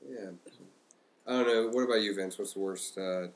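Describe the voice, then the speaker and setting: Deep-voiced man, halting podcast talk. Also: steady tone, low-quality recording. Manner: halting, many fillers and restarts. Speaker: podcast co-host. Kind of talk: casual discussion.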